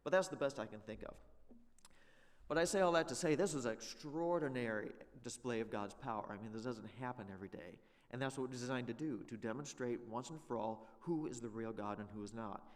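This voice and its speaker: A man's voice: mid-range voice, a little fast, long reverb tail. A man teaching a Sunday school lesson in a church, conversational and full of rhetorical questions.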